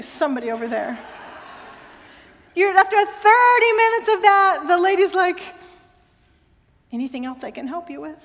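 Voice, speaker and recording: A woman pastor preaching a sermon, telling a story with animated, emphatic exclamations. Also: high-pitched, big-room sound. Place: church sanctuary.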